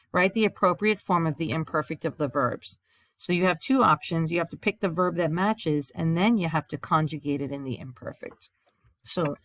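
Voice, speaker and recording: A woman with a low voice talks through a recorded grammar lesson, explaining each step and reading example sentences aloud before translating them. The sound is dry and close to the mic, with no room around it. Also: fairly bright tone, dry recording. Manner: explains step by step, reads examples in Spanish then English. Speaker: Spanish teacher.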